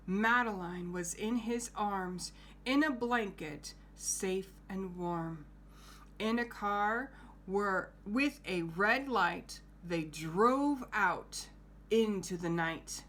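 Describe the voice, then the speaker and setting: Slow, gentle woman reading aloud. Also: mid-range voice. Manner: slow, gentle, pausing to point out pictures and ask questions. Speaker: home-school teacher. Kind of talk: reading a picture book aloud to young children.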